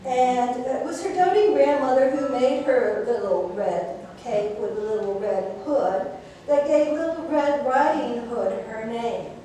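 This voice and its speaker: A woman minister tells a fairy tale as a sermon in a playful, chatty way. Her voice is mellow, a little high, and unhurried. It echoes heavily around a church from a distance, over faint room noise. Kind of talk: storytelling sermon. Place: church sanctuary. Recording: echoey hall from far off.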